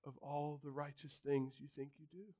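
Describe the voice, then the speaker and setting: High-voiced man preaching a sermon. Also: steady tone, normal speed, warm tone. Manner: emphatic preaching with repeated phrases. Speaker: pastor.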